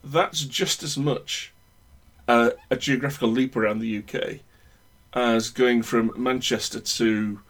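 A man's voice: medium pitch, fairly even intonation, a little slow. A man from the UK co-hosting a podcast, talking in a thoughtful, wordy way with frequent restarts. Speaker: podcast co-host. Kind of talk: casual chat.

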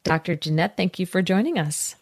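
Low-voiced woman hosting talk radio. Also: expressive, a little fast, no room sound. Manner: direct, conversational questioning. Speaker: radio host.

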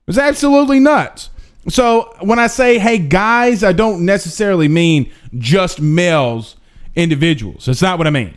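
A young man hosting a sports podcast, talking casually and energetically, repeating himself for emphasis. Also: high-pitched. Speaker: podcast host.

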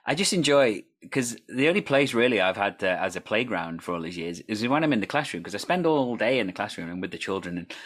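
A man's voice: on the low side, very animated, quick pace, few pauses, fairly bright tone. A man who works as a teacher and improviser, talking casually and fluently in an anecdotal, storytelling way. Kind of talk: casual chat.

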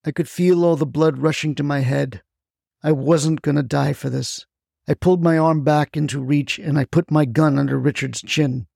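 A man's voice: fairly high pitch, steady tone, normal speed, creaky, a little mellow, no echo, clean studio sound. A man narrating a first-person story in a scripted, wry storytelling manner.

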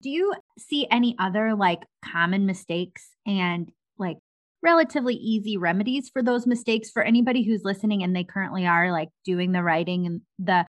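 A woman hosts a relaxed interview in a mid-range voice. She thinks out loud, leaning on "like" as she shares her own habits and asks follow-up questions. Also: mid-range voice, fairly quick. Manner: conversational, reflective, uses "like" often. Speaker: podcast host. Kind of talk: casual interview chat.

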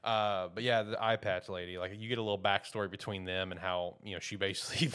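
A man's voice: low-pitched, fairly even intonation, fast, few pauses, a bit bright, clean tone. A man hosting a podcast, giving a casual, rambling episode recap full of fillers like "you know" and "like.". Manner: rambling, filler-heavy, loose and chatty. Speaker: podcast host.

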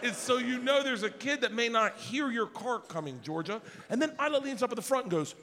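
Loud animated man doing stand-up. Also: extremely high pitch, fairly quick, few pauses. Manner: loud, animated, crude storytelling. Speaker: stand-up comedian. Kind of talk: stand-up comedy storytelling. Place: large theater stage. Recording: live theater hall with audience.

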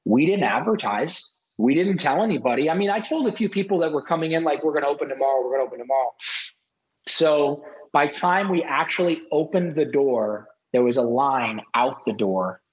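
A middle-aged man, a podcast guest, telling a personal story in an animated way and acting out the dialogue. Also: fairly high pitch, normal speed, few pauses, dull audio. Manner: animated, acts out quoted dialogue.

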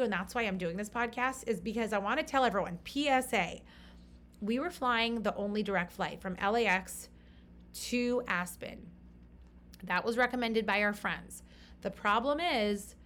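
A woman in her thirties hosts a podcast and tells a story in a chatty, animated way. She slips into quick acted-out exchanges and gets more exasperated as she goes. Her voice sits at an ordinary middle pitch. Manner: animated, reenacts conversations with rising exasperation. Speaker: podcast host.

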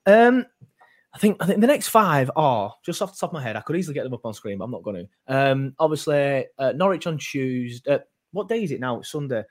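A man's voice: mid-range voice, expressive, fast talker. A man hosts a casual fan podcast in a mid-range voice. He rambles, stops and restarts his sentences, and fills the gaps with ums. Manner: rambling, hesitant, many fillers and restarts. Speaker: podcast host.

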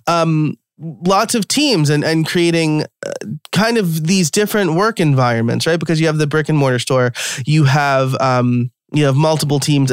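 A man's voice: a little high, clear, resonant tone, no room sound, clean studio sound. Chatty New York man hosting a podcast. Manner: chatty, laughs easily, many fillers. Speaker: podcast host. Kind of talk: casual interview chat.

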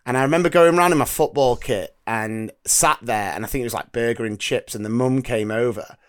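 A man hosting a podcast, telling stories in a lively, animated casual chat. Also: mid-range voice, fairly quick, clear, resonant tone. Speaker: podcast host.

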